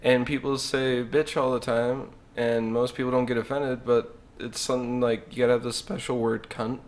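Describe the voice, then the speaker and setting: A man's voice: mid-range voice, little pitch movement, normal speed. Laid-back, profane man in casual chat. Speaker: podcast co-host.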